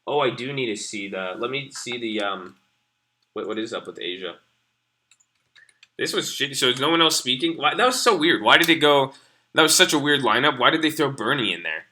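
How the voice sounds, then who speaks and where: A man's voice: medium pitch, expressive, fairly quick, pushed and bright. A young man hosting a live stream, rambling casually and profanely as he talks to his viewers. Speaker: stream host.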